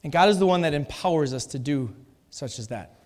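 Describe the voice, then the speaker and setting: Guy preaching a sermon, kinda high voice, punchy repeats, big churchy reverb. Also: animated, a little fast, a little mellow. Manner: emphatic, repeating key phrases. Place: church sanctuary. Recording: long reverb of a church hall.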